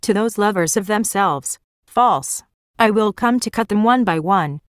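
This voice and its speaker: A woman's voice: mid-range voice, measured pace, no room sound, clean studio sound. Woman solemnly narrating a prophetic vision.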